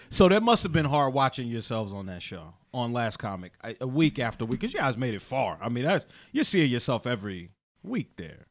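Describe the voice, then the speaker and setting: A man hosting a podcast, asking questions and tossing in quick quips in casual chat. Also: mid-range voice, big pitch swings, no room sound. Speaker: podcast host.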